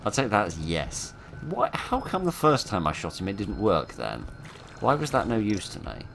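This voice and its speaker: A man commentates his own horror game playthrough. He rambles, mocks himself and jokes drily. Clear background noise runs under his desk mic. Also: deep voice, wildly swooping pitch, normal speed, a bit bright. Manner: self-mocking, rambling, dry humour. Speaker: gameplay commentator. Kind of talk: let's play commentary. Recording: noisy background.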